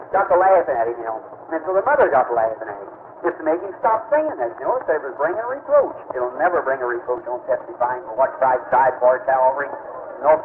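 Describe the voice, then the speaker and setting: A man preaching, retelling conversations in a folksy, emphatic way. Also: fairly high pitch. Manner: earnest, emphatic preaching cadence. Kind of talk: sermon storytelling. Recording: tinny lo-fi old recording with noise.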